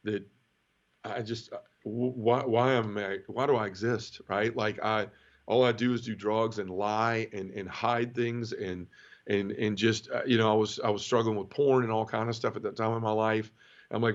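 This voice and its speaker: A middle-aged man from the southern United States, giving an emotional personal testimony in an interview, halting and full of restarts. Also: fairly low pitch, steady tone. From Memphis area, southern United States. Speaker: guest. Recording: dull lo-fi audio.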